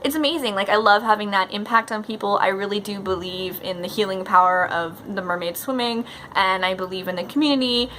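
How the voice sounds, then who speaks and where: A woman's voice: medium pitch, a little fast, hardly any pauses, fairly bright tone, a little hiss or hum. A chatty, bubbly woman, talking casually to the camera in a vlog. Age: 30s. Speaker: professional mermaid vlogger.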